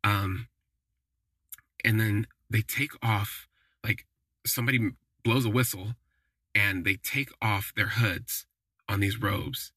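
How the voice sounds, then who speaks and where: A man with a low, husky, forceful voice tells a story in a chatty, wry way and leans on casual fillers. The sound is dry and close, with no room around it. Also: steady tone, slow pace, long pauses, no echo. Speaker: podcast host. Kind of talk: casual first-person storytelling.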